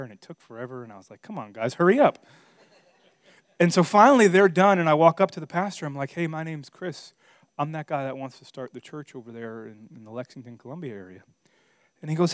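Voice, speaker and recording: A middle-aged pastor with a medium-pitched voice preaches a sermon built around a personal story. He moves between quiet asides and loud, emphatic preaching, recorded in studio quality with no echo.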